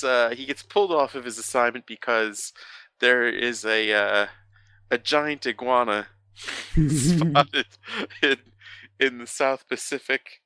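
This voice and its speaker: Bright, crisp-voiced man rambling casually. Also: medium pitch, no room sound. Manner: rambling, profane, halting with many fillers. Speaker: podcast co-host. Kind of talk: casual podcast chat.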